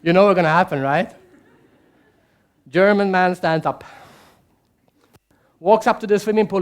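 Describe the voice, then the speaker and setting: Animated high-voiced man telling stories on stage. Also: moderate pace, long pauses, smooth. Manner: animated storyteller, asks the audience questions, acts out quotes. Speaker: keynote speaker. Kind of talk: storytelling keynote speech. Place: large conference hall.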